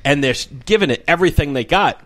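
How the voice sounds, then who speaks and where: A man's voice: a little high, animated, fast talker, a bit bright, no echo. Man, podcast co-host, keen and loose-mouthed, dry close sound. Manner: enthusiastic, casual swearing. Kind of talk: casual chat.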